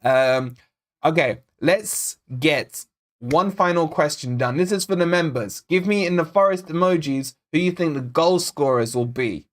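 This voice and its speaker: A man's voice: fairly high pitch, measured pace. A man born in Scotland hosting a live football watch-along, chatting and reading out viewer comments and predictions. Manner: chatty, reads out chat names and predictions, excitable. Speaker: fan channel host.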